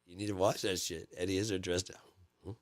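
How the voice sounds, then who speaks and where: A man's voice: low voice, level tone, quick pace, no room sound, studio quality. A man chatting casually as the host of his channel, rambling, swearing often and repeating himself. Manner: profane, rambling, lots of fillers and repeats.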